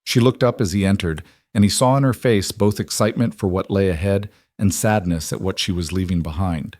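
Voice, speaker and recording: A man with a fairly low voice narrates a frontier storybook in a steady, measured audiobook manner. The recording is dry and close, with no room sound whatsoever.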